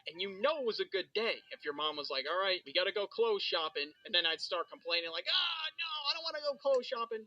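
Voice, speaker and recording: A young man telling childhood stories in a casual, animated way, swearing freely and acting out his younger self. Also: sits high, dry recording. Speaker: video host. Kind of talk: casual storytelling monologue. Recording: slightly dull lo-fi audio.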